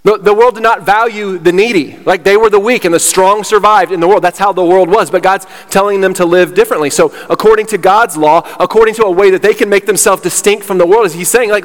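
Fired-up pastor preaching in a reverberant hall. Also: male voice, high-pitched, fast, few pauses. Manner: fired up, repeats himself, emphatic. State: out of breath. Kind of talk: sermon. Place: church sanctuary.

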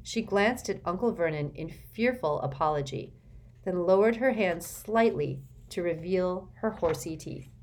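A woman narrating an audiobook in a measured, even storytelling manner. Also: lowish voice, slight background noise. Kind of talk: scripted narration.

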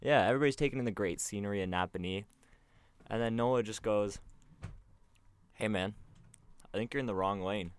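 Young guy, low smooth voice, animated storytelling, dry close mic. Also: no room sound. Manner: animated storyteller, acts out quotes, swears freely. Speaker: podcast co-host. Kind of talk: casual storytelling chat.

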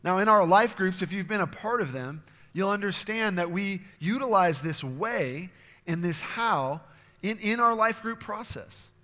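A man preaching a sermon as pastor, earnest and steady, sometimes acting out quoted voices. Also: high-pitched, a little slow, long reverb tail.

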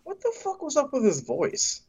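A man's voice: very high voice, wildly swooping pitch, moderate pace, slightly rough. A man co-hosting a podcast in casual banter, wisecracking, swearing and laughing often. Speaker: podcast co-host.

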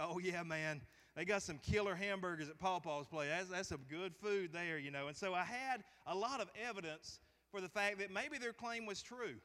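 A high-voiced, bright-toned man preaching. He keeps it folksy and conversational and jokes with the congregation. His voice rings through a church sanctuary with a long reverb tail. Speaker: pastor. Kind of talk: sermon.

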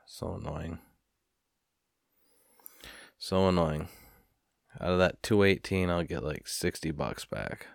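Deep-voiced man ranting profanely. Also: unhurried, smooth, no echo, studio quality. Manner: profane, storytelling, animated retelling. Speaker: podcast host. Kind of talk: casual rambling rant.

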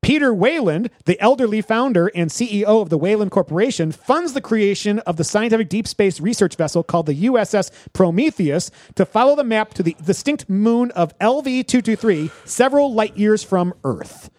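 A man co-hosting a movie podcast, telling stories in an animated way and laughing often. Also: sits high, moderate pace, hardly any pauses, no echo. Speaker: podcast co-host. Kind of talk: casual movie review chat.

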